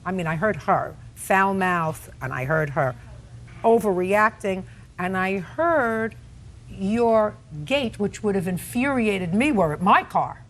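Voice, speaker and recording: A woman's voice: mid-range voice, expressive, takes it slowly. An older woman presiding as a television judge, questioning litigants bluntly and cutting them off. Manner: blunt, cutting, interrupts often. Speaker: TV courtroom judge. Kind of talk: stern courtroom questioning. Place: TV courtroom set.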